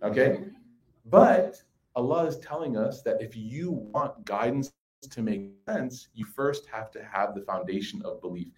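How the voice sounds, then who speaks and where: A man in his thirties giving a sermon to a live audience, telling personal stories in a conversational, animated way. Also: medium pitch, unhurried. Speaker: religious speaker. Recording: echoey room.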